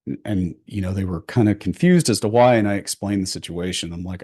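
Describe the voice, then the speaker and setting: A man, a podcast guest telling candid personal stories in a blunt, profane, animated way, often checking in with "right?". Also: low voice, brisk, slightly rough. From Houston, Texas. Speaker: podcast guest, photographer and realtor. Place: podcast studio.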